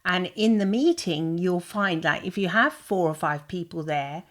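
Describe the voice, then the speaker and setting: Chatty woman co-host, quick to laugh. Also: fairly low pitch. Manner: chatty, laughs often, lots of fillers. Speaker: podcast co-host. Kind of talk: casual chat.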